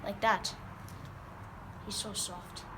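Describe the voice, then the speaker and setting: Filming her cat at home by the backyard, a pet vlogger chats in a slow, level, mid-range voice, fussing over the animal and rambling with fillers and false starts. The recording is roomy, with a far-off mic and background noise.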